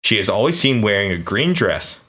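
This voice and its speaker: A man's voice: lowish voice, very animated, fairly quick, bright, forceful tone. An American man co-hosting a podcast, recounting ghost reports in a laid-back, jokey way with hesitant restarts. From United States. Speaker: podcast co-host. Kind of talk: casual chat, reading paranormal research.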